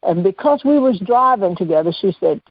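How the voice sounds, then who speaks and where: A woman guest, telling a personal story on a radio talk show and acting out the dialogue with lively energy. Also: mid-range voice, a little fast, no room sound. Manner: animated storyteller who acts out dialogue. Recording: dull, dry radio-show audio.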